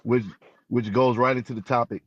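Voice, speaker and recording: A man's voice: mid-range voice, little pitch movement, fairly quick, highs cut off. A man hosting a podcast in casual chat, wry as he steers toward the close. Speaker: podcast host.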